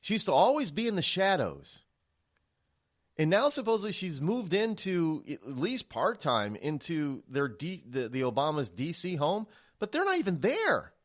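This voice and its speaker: Guy hosting talk radio, kinda high voice, rambles and stammers a lot, gets emphatic. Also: normal speed. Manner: rambling, with frequent restarts and stammers; animated, emphatic delivery. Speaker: radio show host.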